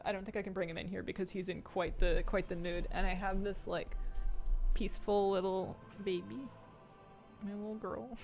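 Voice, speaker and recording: Lively, chatty woman streamer. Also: mid-range voice. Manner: chatty, giggly, baby talk to her pets. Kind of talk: casual game stream chat.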